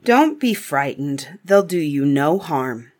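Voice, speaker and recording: Woman doing a blunt brave prince, firm and plain, low-ish voice. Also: very animated, slow, darkish tone, full character voice. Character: bold young prince, blunt and steady.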